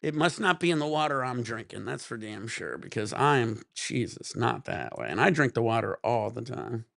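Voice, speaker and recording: A man's voice: mid-range voice, animated, normal speed, creaky, a bit bright, dry recording, clean studio sound. A man hosting a livestream, ranting in an exasperated, profane way. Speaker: livestream host.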